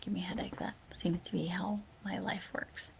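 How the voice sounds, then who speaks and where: Chatty woman with a gravelly voice. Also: on the low side, little pitch movement, normal speed. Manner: chatty, answers viewer comments aloud, drifts into soft near-whispers. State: sleepy, yawning. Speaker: live streamer. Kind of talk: casual livestream chat with viewers.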